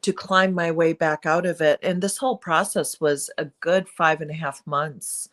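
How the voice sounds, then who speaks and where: A woman's voice: low voice, fairly even intonation, moderate pace, a bit bright. A middle-aged woman speaking as an interview guest, earnest and confessional, with emphatic pleading moments. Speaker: guest, perinatal mood disorder speaker. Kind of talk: candid interview conversation.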